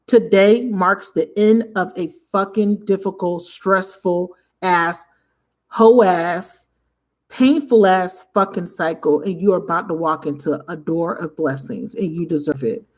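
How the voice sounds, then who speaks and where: A woman giving a casual tarot reading to her viewers, excitable and emphatic, swearing freely as she talks straight to them. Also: on the low side, measured pace. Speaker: tarot reader.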